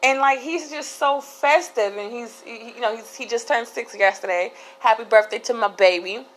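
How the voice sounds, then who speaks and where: A woman's voice: a little high, moderate pace, a little hiss or hum, low-quality recording. A woman hosting a casual solo podcast, talking candidly in a rambling way with frequent restarts. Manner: candid, rambling, laughs between thoughts. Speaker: podcast host.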